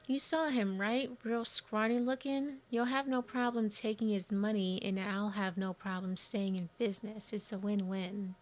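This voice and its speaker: A woman's voice: mid-range voice, fairly even intonation, moderate pace, few pauses, faint music behind, close to an everyday voice. Woman doing a shrewd blacksmith with a vague accent. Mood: sly. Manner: attempted vague accent, hearty greeting. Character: chatty male blacksmith shopkeeper, shrewd. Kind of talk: reading game dialogue aloud.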